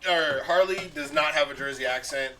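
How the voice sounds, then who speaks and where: A man co-hosting a podcast in casual chat, animated and joking, swearing freely. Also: on the high side, moderate pace, distant mic. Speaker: podcast co-host.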